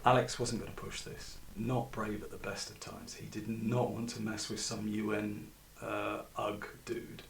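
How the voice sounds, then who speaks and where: Author narrating, wry. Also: male voice, on the low side, level tone, a little slow, creaky, hardly any pauses, a little hiss or hum. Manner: wry, chatty narration with asides. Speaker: author reading own book. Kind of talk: audiobook narration. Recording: distant mic.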